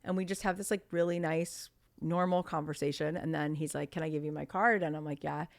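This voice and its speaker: A woman in her thirties, a podcast guest telling stories in casual conversation, chatty and animated with lots of fillers. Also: deep voice, fairly quick, creaky.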